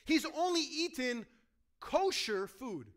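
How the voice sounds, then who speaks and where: Bright, high-voiced man preaching. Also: slow pace. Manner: animated, acts out quoted voices, asks the congregation questions. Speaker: pastor. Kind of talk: sermon.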